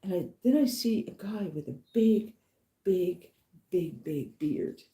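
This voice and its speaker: A woman's voice: lowish voice, expressive, takes it slowly, warm tone, roomy sound. A woman on a walking pilgrim's journey with her harp, telling her story in a chatty, rambling, enthusiastic vlog.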